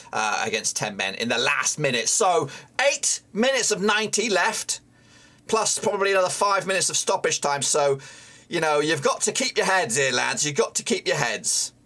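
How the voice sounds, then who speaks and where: Excitable swearing football fan, bright voice. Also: male voice, a little high. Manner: excitable, swears often and shouts at players. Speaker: fan watchalong streamer. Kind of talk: live match reaction commentary.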